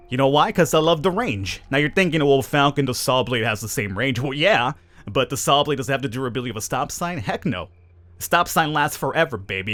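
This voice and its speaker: A man's voice: mid-range voice, fairly bright tone. A man hosting a casual let's-play commentary, playful and sarcastic, asking his viewers rhetorical questions over game music. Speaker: gaming channel host.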